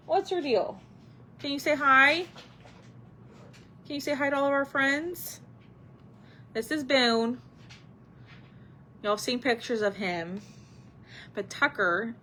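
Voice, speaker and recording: A woman's voice: mid-range voice, bright, forceful tone, a little hiss or hum. A woman hosting a live craft stream, chatting casually with viewers and answering their comments while she paints.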